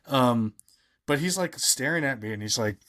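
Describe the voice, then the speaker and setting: A man, a podcast guest, telling a long story in casual chat, rambling with many fillers and turning animated when he quotes other people. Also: medium pitch, normal speed.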